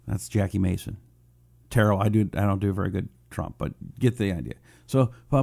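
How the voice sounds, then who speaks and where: A man's voice: fairly low pitch, a little fast, vocal fry, dark tone. A man hosting a political talk radio show, rambling casually, joking at his own expense and reading listener comments aloud.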